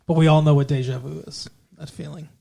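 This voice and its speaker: A man's voice: fairly high pitch, steady tone, normal speed, creaky, warm tone. A man co-hosting a podcast in casual chat, joking and rambling. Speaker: podcast co-host.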